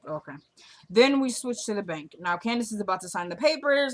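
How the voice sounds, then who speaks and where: A TV show recapper with a slightly high, animated voice talks a little fast as she casually goes over an episode. Her style is chatty, and she acts out what the characters say.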